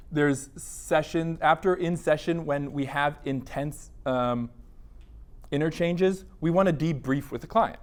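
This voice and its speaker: A man lecturing a counseling class in a classroom. His voice sits somewhat high for a man, and he keeps things conversational, slipping into quoted inner thoughts as he explains. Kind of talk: university lecture.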